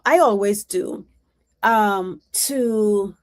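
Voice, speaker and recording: A woman's voice: mid-range voice, extremely slow. A woman psychic reader giving a casual mediumship reading, rambling and chatty with many restarts.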